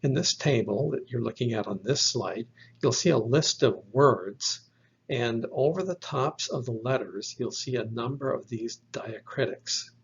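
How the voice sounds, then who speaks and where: Slow gravelly man teaching from slides. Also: medium pitch. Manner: slow, careful, spells out letters. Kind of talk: slide lecture on Greek. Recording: dull lo-fi recording.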